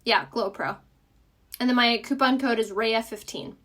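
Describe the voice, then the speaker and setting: A woman's voice: on the high side, normal speed, a bit bright. Chatty young woman with a Southern lilt. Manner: chatty, upbeat, answers viewer comments. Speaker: makeup tutorial host. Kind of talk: casual live makeup tutorial.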